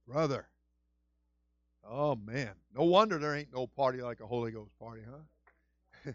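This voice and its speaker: A middle-aged male pastor preaching a sermon with passion, moving between hushed storytelling and shouted exclamations. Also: on the high side, no echo, dull audio. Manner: exclaims "whew" and "woo".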